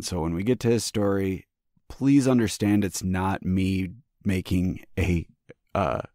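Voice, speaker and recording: Male podcast co-host, deep and dry-sounding, loose profane banter full of false starts. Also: a little mellow, no echo. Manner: joking, profane, halting restarts. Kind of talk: casual chat.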